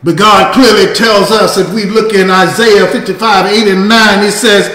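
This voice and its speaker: A man preaching a sermon as pastor, in a slow cadence that climbs into shouts. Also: sits high, steady tone, reverberant. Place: church sanctuary.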